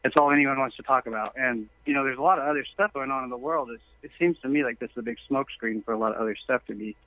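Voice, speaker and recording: A man's voice: mid-range voice, very fast, no room sound. A man calling into a talk show, telling long stories earnestly and at length. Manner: earnest, long-winded storytelling. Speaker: caller. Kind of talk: phone-in conversation. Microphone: telephone. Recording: tinny phone line.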